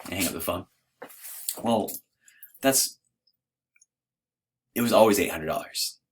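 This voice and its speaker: A man's voice: low-pitched, unhurried, breathy edge. A man giving an informal, conversational lecture in a hesitant, self-deprecating way.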